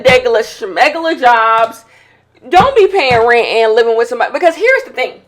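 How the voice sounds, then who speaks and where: A high-pitched woman hosting a casual podcast, candid and full of slangy banter. She swings from loud, excited bursts down to quiet murmured asides as she talks while doing her makeup. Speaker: podcast host. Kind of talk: casual chat.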